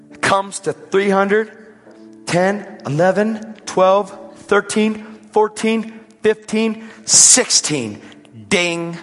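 Animated man preaching in a hall. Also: on the high side. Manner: animated, swings from loud preaching to hushed. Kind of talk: storytelling sermon.

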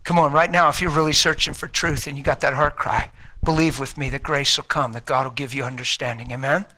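A man's voice: medium pitch, brisk. A man preaching a sermon, telling a story and acting out the dialogue, with folksy, colloquial talk. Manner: animated, acts out quoted dialogue in a raised voice. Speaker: traveling preacher. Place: church.

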